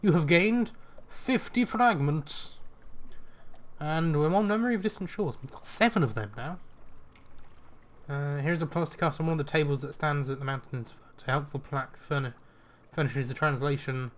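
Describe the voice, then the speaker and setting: A man's voice: a little high, normal speed. A man playing a video game and commenting on it in a chatty way, reading in-game text aloud in a theatrical tone. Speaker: video game let's player.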